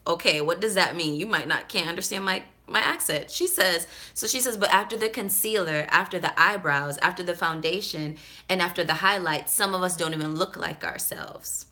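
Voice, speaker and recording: A woman's voice: on the low side, normal speed, pushed and bright. A woman hosting a casual vlog, giving candid, chatty, off-the-cuff talk about dating. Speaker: host.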